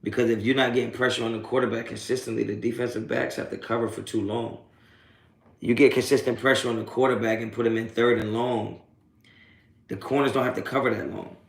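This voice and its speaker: Speaking a little fast with fairly even intonation, this host has a medium-pitched, creaky voice and a reverberant sound. During his live post-game sports stream, he reads the chat and laughs off trolls, taunting them with slang-heavy, profane trash talk.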